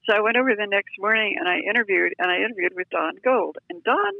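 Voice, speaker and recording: An older woman telling lively, self-deprecating stories as a guest, heard over a phone line. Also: mid-range voice, quick pace, gravelly, dry recording. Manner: chatty, self-deprecating, animated. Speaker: guest storyteller. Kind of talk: anecdotal storytelling.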